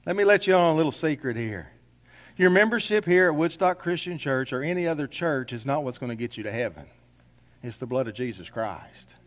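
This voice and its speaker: Folksy high-voiced male pastor preaching. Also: animated, a little fast, big-room sound. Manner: folksy, conversational preaching with rhetorical questions. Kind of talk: sermon. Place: church sanctuary.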